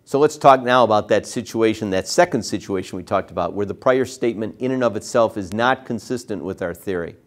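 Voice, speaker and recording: Man lecturing on courtroom technique. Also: lowish voice. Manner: acts out lawyer and witness exchanges in a raised voice; explanatory, measured teaching tone. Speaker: trial advocacy instructor. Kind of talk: lecture on cross-examination.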